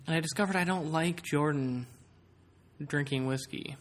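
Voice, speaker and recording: A man's voice: on the high side, normal speed. A man hosting a casual podcast, telling a rambling story with many fillers. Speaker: podcast host.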